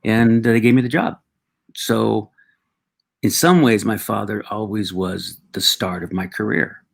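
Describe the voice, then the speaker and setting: Gravelly, low-voiced man telling stories. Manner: reflective, halting, with frequent restarts and acted quotes. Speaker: guest. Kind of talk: reflective personal storytelling.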